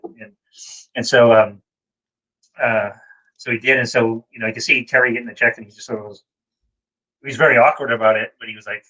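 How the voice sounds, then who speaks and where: A man's voice: fast, fairly bright tone, rough recording. A man from New England, co-hosting a casual chat and telling long, rambling anecdotes full of fillers. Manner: rambling storyteller, acts out quotes in a high voice. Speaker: co-host.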